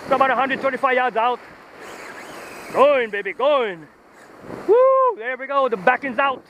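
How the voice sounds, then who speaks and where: A man fishing from the shore, whooping and calling out excitedly as he fights a big fish, with surf and wind behind him. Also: very high-pitched, a little slow. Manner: whooping, shouting with excitement, local slang. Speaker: fisherman. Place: outdoors on the shore by the ocean. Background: waves and wind.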